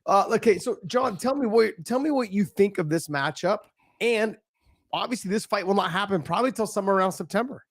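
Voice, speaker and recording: A man's voice: high-pitched, expressive, a little fast, no echo, studio quality. A man co-hosting a podcast who banters casually and teases his partner. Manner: teasing, jokey. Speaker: podcast co-host.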